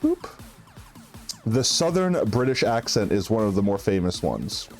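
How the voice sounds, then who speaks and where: A man's voice: on the low side, very animated, a little mellow. Casting: male streamer, easygoing rambling chat, faint music under. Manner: chatty, rambling, quick asides. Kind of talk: casual gaming chat.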